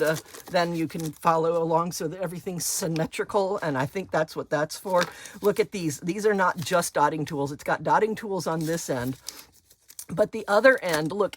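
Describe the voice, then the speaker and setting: Gushing woman unboxing craft supplies. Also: deep voice. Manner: gushing, excited, squeals with delight over items. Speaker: craft channel host. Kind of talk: chatty unboxing vlog.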